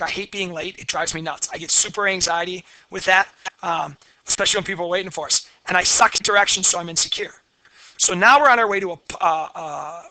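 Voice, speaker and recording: A man's voice: high-pitched, bright, forceful tone, no room sound. A man, lecturing a class and telling candid, blunt personal stories. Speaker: teacher.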